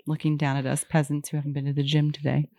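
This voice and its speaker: A middle-aged woman chatting casually as a podcast co-host, self-deprecating and lively when she quotes others. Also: deep voice, fast talker, no room sound, clean studio sound. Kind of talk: casual chat.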